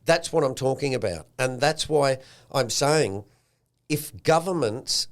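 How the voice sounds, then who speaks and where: Australian man, podcast host, lively and slangy, mid-pitched voice. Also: measured pace. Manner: animated, acts out quotes with a slangy tone. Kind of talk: casual chat.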